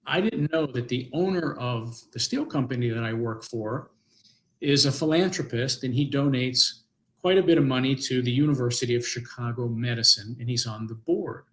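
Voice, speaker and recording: A man's voice: medium pitch, normal speed, a bit bright, poor audio. An older man, a guest on an interview show, telling a personal story in a rambling way, with many restarts and acted-out quotes.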